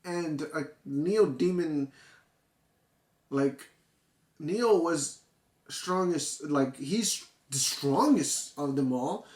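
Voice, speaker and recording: Excitable, profane young man reviewing. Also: on the high side, very slow, pauses often, echoey room. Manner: excitable, profane, full of restarts and fillers. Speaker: manga reviewer. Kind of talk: casual video review.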